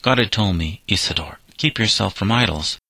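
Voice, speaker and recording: A man voicing an elderly, humble male florist who speaks gently and forgivingly. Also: low-pitched, expressive, normal speed, no room sound, heavily acted, poor audio. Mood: gentle. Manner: gentle, earnest storytelling delivery.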